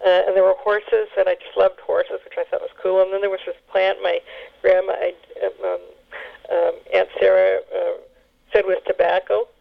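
A woman telling family memories in an oral history interview, halting with many fillers and restarts. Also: mid-range voice, flat delivery, creaky. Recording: tinny phone line.

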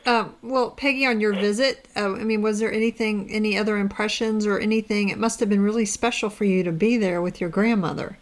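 A woman interviewing for an oral history, asking long, gently probing questions. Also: mid-range voice, fairly even intonation, a little fast, few pauses.

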